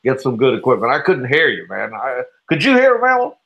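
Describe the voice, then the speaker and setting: A man's voice: mid-range voice, huge pitch swings, a little fast, creaky, a bit bright, highs cut off. A man hosting a casual online radio show, trash-talking with mock-serious swagger and frequent laughter. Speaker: podcast host. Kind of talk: casual chat, trash talk.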